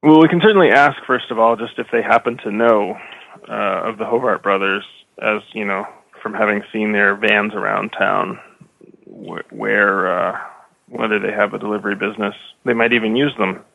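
A man playing a tabletop role-playing game, speaking politely and haltingly with fillers. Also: lowish voice, fairly even intonation, vocal fry, phone-quality sound. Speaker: player.

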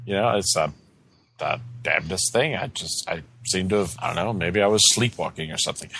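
A cheery gentleman detective, as a game master puts him on, polite and formal with a puzzled edge, jumping up high at moments of surprise. The voice underneath sits deep. It is a tabletop role-play figure. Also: a little fast, breathy edge, exaggerated voice. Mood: bewildered. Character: pleasant cheery male ship detective, confused.

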